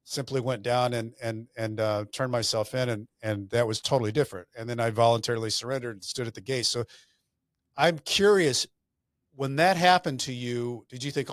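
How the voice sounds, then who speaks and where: A man's voice: medium pitch, fairly even intonation, moderate pace, fairly bright tone, no echo, studio quality. A man hosting a podcast in casual interview talk, asking rambling, self-interrupting questions. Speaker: podcast host.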